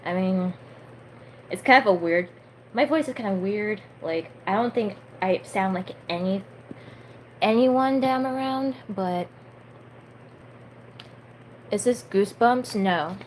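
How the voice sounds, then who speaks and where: A woman's voice: medium pitch, slow pace, pauses often, slight background noise, poor audio. A twenty-year-old woman chatting casually on a live stream and reading a book aloud, full of fillers and stumbling over unfamiliar words.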